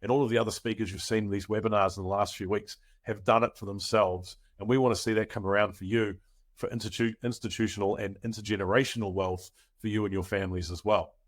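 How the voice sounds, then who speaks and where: A man's voice: on the low side, steady tone, fast talker. A man hosting a property webinar, chatty and promotional, with many filler words, on a video call. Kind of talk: casual webinar pitch.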